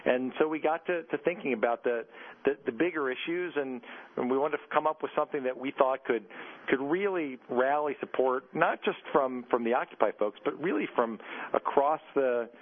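A man talks over a thin, phone-like line, his pitch sitting in the middle. He answers as a congressman, earnest and halting, often restarting his sentences. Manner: hesitant, many restarts, earnest. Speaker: congressman guest. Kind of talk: radio interview answers.

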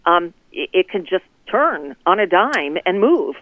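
A woman's voice: fairly low pitch, measured pace, no room sound. Sarcastic woman on a tinny phone line. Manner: sarcastic, animated storytelling. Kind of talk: casual political phone chat.

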